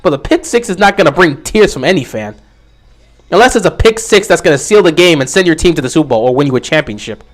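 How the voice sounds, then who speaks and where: Animated young man hosting a livestream. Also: fairly high pitch, fast. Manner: animated, answering chat questions. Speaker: livestream host. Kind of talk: casual livestream commentary.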